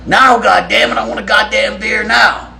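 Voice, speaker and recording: A man voicing a drunk, furious bandmate who shouts cursing threats. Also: high-pitched, steady tone, moderate pace, creaky, a little hiss or hum, voice pushed up, heavily acted. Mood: angry shouting.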